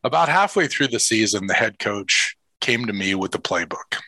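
Earnest middle-aged man with a bright voice. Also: fairly low pitch, moderate pace, husky, dry recording. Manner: earnest, emotional, quotes others in lively voices. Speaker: father and assistant football coach. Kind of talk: personal storytelling.

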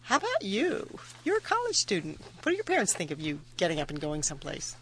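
A woman hosts a live radio show from the studio. Her voice is bright and swings up and down as she teases her guests. She laughs easily between questions. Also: on the low side, fast, a little hiss or hum. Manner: lively, teasing, laughs easily.

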